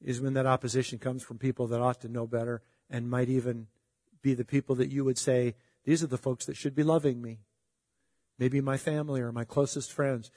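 A man's voice: mid-range voice, little pitch movement, fairly quick, a little mellow, no echo, clean studio sound, big-room sound. A middle-aged man preaching a sermon in a conversational, emphatic way, often asking his listeners questions. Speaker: pastor.

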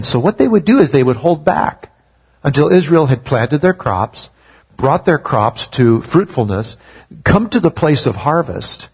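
Man pastor, husky and a touch high, conversational sermon full of rhetorical questions. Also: sing-song, a little slow, a little mellow.

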